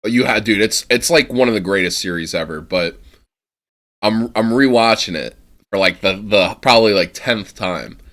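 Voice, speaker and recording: A man co-hosting a podcast in casual chat, animated, laughing often and tripping over his words. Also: lowish voice, moderate pace. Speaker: podcast co-host.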